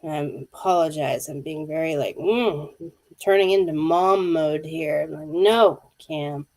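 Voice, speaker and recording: Low, unhurried wheezy woman reading cards. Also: a little mellow. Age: 50s. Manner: intuitive, addressing viewers by name. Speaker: tarot card reader. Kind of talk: live-streamed card reading.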